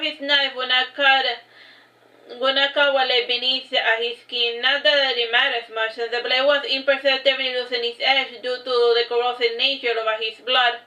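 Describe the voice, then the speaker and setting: A high, bright-voiced woman reads her own fantasy story aloud on a stream, often backing up and restarting her sentences. The sound is echoey and dull, like a lo-fi room recording. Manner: unpolished reading with frequent restarts and fillers. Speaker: narrator reading her own book. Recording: echoey, dull lo-fi livestream audio.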